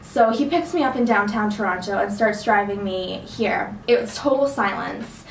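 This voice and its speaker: A woman's voice: mid-range voice, normal speed, vocal fry, far from the mic, a little hiss or hum. Chatty young woman in an echoey room. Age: young adult. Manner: chatty, rambling with many "like"s. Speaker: vlogger. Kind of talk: casual storytime vlog. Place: dorm room.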